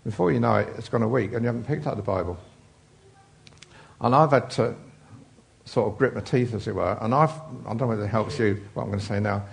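A man's voice: on the low side, fast talker, creaky. A man preaching an informal sermon in a chatty, rambling way with many asides.

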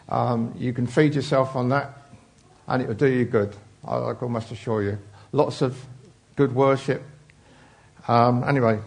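Guy preaching, gravelly voice, rambly and chatty, lots of ums. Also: mid-range voice. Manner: chatty, rambling, with many fillers and asides. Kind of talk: informal sermon.

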